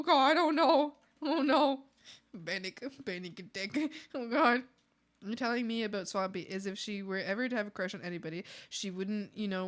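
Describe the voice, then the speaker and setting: A woman's voice: mid-range voice, a bit bright. A young woman art streamer chatting casually and scatterbrained with her viewers, laughing often. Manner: giggly, scattered, chats to viewers. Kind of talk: casual live-stream chat.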